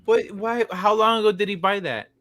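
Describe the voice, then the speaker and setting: Male gaming stream host, higher voice, teasing and jokey. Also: moderate pace, fairly bright tone, dry recording. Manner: joking, teasing, laughs often. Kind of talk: casual chat.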